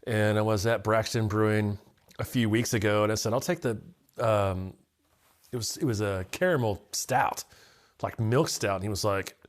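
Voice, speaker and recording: A man's voice: on the low side, fairly even intonation, moderate pace. A man in his forties, a guest in a podcast studio, chatting casually and telling rambling stories while tasting bourbon. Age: 40s. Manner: easygoing storyteller, rambling with fillers. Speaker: guest, spirits buyer for a retailer.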